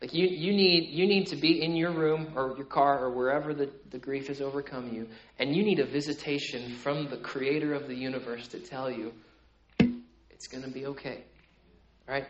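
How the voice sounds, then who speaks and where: A man preaching a sermon in a conversational way, with many "right?" tags, moving between loud emphatic stretches and quiet, low asides. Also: fairly even intonation, a little fast, hardly any pauses, dull audio, a little hiss or hum. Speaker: pastor.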